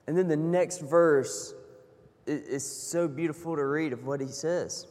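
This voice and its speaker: A man giving a sermon, telling the story earnestly and moving between hushed and emphatic delivery. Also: a little high, measured pace, in a large hall. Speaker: preacher.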